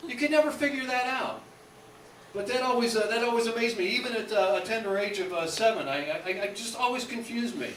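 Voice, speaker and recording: A man's voice: very high-pitched, a little fast, a bit bright, echoey room, far from the mic, a little hiss or hum. A man, a radio host, doing stand-up comedy on a club stage in a rambling, nostalgic style.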